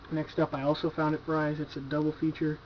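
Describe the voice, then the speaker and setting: In a dull, lo-fi home video with background noise, a man with a slightly high voice casually goes over horror movies he owns. His manner is laid-back and enthusiastic, full of swearing and fillers like "like" and "you know."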